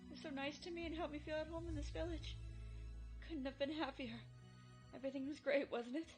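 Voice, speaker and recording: A woman's voice: high voice, fairly even intonation, a little fast, darkish tone, faint music behind, pitched above the performer's own voice, lightly acted, rough recording. A woman voicing a young teenage boy in a visual novel fan dub, turning from accusing to remorseful. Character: boy, young teen, bitter and anguished.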